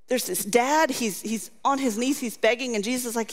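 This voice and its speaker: A woman with a high voice preaches a sermon in an earnest, repeating cadence, slipping into casual asides between scripture passages. Her voice rings out with a long hall reverb around it. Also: moderate pace, few pauses. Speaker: pastor.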